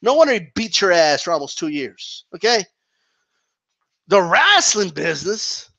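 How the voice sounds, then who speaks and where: Man, very high voice, bright and forceful tone, exasperated profane rant, keeps asking "right?". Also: sing-song, a little slow, gravelly, dull audio. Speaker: wrestling commentary vlogger. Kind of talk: ranting opinion monologue.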